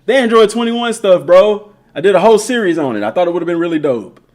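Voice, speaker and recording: Young male streamer, lively and slangy, a little worn-out voice, pitch leaning high, swings up and down a lot. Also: quick pace. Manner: animated, slangy, reads chat aloud. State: voice a bit worn. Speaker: gaming live streamer. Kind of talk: casual live-stream chat.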